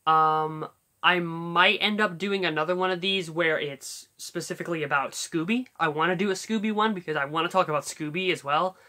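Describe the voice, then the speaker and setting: Here the voice is mid-range, fairly quick, pushed and bright. Casual tutorial chatter follows as a YouTuber rambles on about doing cartoon voice impressions, thinking aloud with plenty of fillers.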